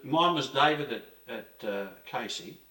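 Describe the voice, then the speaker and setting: An older Aussie man, interviewed casually about the past, spins rambling, earthy yarns with restarts and the odd mild swear word. At a moderate pace, his mid-range voice is expressive, pushed and bright. The sound is roomy and recorded from a distance.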